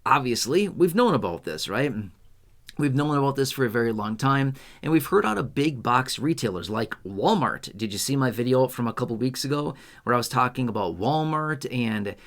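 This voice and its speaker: Male finance commentator, casual to camera, animated and conversational, mid pitch. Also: moderate pace. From United States. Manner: animated, conversational, asks rhetorical questions.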